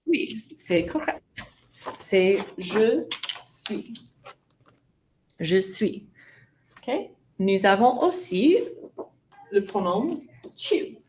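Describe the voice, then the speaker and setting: A woman teaching a French grammar lesson, patiently asking questions and playing at mock surprise. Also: mid-range voice. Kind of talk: classroom teaching demonstration.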